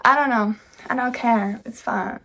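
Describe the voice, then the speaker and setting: A woman's voice: on the high side, a little slow, bright, forceful tone. A young woman casually chatting about her own book at home, rambling, bubbly and easily sidetracked. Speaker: author and vlogger. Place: home indoors.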